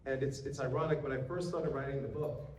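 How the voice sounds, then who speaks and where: A man's voice: mid-range voice, fairly even intonation, a little fast, a little hiss or hum. A man giving an earnest keynote speech at a ceremony, telling a personal story with occasional fillers. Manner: earnest storytelling, quoting others, hesitant fillers. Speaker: keynote speaker. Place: courthouse event room. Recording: echoey room from a distance with faint ambience.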